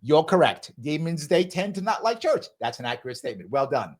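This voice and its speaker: Male show host, sarcastic and mocking, lively swinging delivery, reads chat on air. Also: on the high side, brisk. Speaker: host of a live commentary show. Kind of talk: live show commentary, reading viewer chat.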